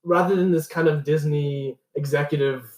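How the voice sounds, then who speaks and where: Young male co-host, opinionated and halting, distant mic in an echoey room. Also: fairly high pitch, steady tone, a little mellow. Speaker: podcast co-host. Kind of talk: casual chat.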